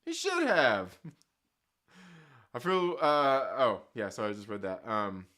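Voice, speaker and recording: A man with children hosts a live stream, chatting casually with viewers and reading their comments aloud, cracking slangy, profane jokes and laughing often. His medium-pitched voice is very animated and sharp, though slow.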